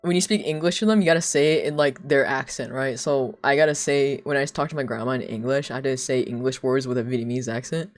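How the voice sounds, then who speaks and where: A woman's voice: very deep voice, fast, hardly any pauses, soft background music. A young woman streaming live, chatting casually in a rambling, giggly way with lots of filler words. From United States.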